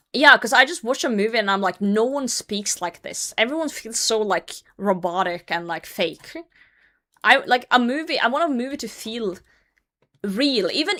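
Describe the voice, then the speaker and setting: A woman's voice: mid-range voice, bright, forceful tone. Chatty ranting woman streamer. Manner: chatty, rambling, quick to rant and swear. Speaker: livestream host. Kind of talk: casual chat with viewers while gaming.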